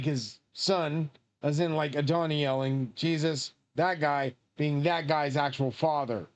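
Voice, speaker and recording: A man talks over his game stream in a loose, rambling way, full of swearing and grand claims. His voice sits a bit high for a man. The sound is muffled and lo-fi. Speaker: livestreamer playing a shooter game. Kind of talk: rambling live-stream chat.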